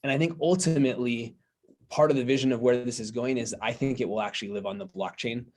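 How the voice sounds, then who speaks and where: A man, a guest on an interview podcast, calmly explaining how his company's product works. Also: medium pitch, fast. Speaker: guest, software co-owner.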